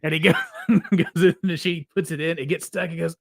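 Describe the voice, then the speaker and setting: A man co-hosting a podcast in casual chat, laid-back and joking, telling animated stories. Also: on the high side, brisk, creaky, no echo, studio quality. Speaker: podcast co-host.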